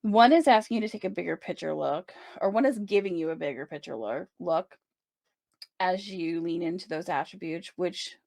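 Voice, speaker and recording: Woman tarot reader, lower register, gravelly edge, chatty and reassuring, dry close sound. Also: expressive, normal speed, darkish tone, no room sound. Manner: chatty, reassuring, many "right?" check-ins. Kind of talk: casual tarot reading to camera.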